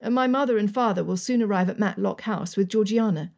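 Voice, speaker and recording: A woman's voice: mid-range voice, fairly quick, creaky, a little mellow, close to an everyday voice. A woman voicing a jovial, loyal Regency army colonel in an audiobook, joking and firm by turns. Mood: reassuring. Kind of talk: audiobook character reading.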